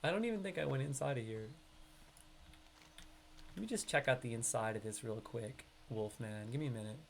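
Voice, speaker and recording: Male streamer, New York accent, mid-pitched voice, chatty live gameplay commentary aimed at viewers. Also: fairly quick, gravelly, slight background noise. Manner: chatty, talks straight to his viewers.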